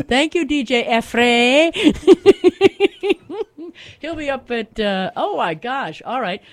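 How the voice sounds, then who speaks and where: A radio show host in casual studio chat, playful and quick to laugh and joke. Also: high-pitched, very animated, dry recording. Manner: playful, laughs often, jokey interjections.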